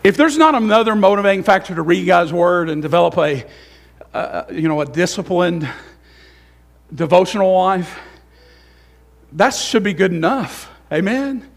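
A middle-aged pastor preaches in a church with a strikingly high, gravelly voice. He is openly emotional and swings from fervent, loud stretches to soft, musing asides. It is a live sermon to his congregation. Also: expressive, normal speed, pauses often. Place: church sanctuary.

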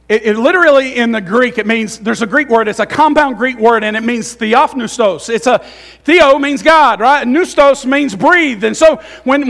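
A middle-aged male pastor preaching a sermon in a church, emotional, with swings between loud, fervent passages and quiet, musing asides. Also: very high-pitched. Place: church sanctuary.

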